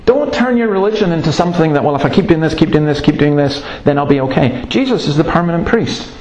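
A man's voice: on the high side, expressive, fast, a little mellow. A man preaching a sermon in an earnest, emphatic way, breaking off to tell stories. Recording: roomy, echoey room sound.

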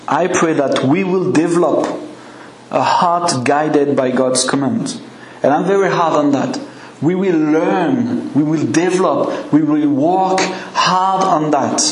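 French-accented male preacher, deliberate and emphatic, roomy reverb, faint ambience. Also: a little high, slight background noise. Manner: earnest, emphatic, slow and deliberate. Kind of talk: sermon.

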